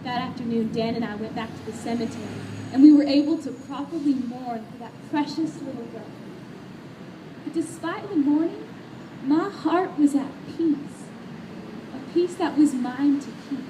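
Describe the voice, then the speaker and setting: A high-pitched woman tells a story in an earnest, emotional voice. She sounds far from the microphone, in an echoey space with clear noise behind her. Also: normal speed. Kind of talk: dramatic story reading. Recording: echoey, distant, noisy live rally.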